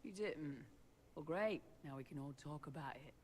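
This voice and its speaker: A man's voice: fairly high pitch, normal speed, a little mellow, lightly acted. An actor playing a teasing, sardonic young male mercenary lieutenant in a video game. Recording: game audio with long reverb, faint noise.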